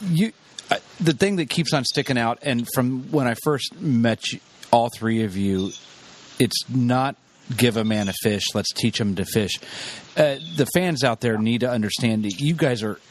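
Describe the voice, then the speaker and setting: A man's voice: medium pitch, normal speed. A man hosting a podcast, chatting casually and asking his guests questions. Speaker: podcast host.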